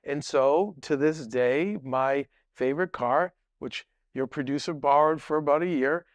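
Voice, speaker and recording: A man's voice: on the high side, a little slow, no echo. A middle-aged man who is a guest on a podcast, telling long stories in a rambling way with many restarts and asides. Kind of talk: casual storytelling.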